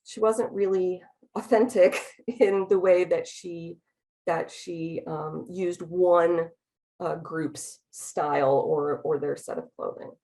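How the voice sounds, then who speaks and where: Fast, hesitant woman giving a lecture. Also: on the low side, steady tone, mellow, rough recording. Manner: hesitant, many ums and restarts; speaks fast. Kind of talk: academic talk with slides.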